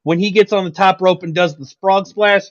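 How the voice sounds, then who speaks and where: Man, high voice, excitable, casual sports chat, dull lo-fi sound. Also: moderate pace. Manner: excitable, laughs often, swears casually. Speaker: co-host.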